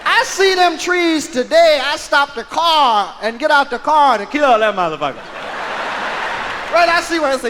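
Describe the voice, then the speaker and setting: A man performing live stand-up comedy in a large hall, telling loud animated stories and shouting out character bits. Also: extremely high pitch, moderate pace. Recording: echoey live concert vinyl with crowd noise. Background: audience laughter and ambience.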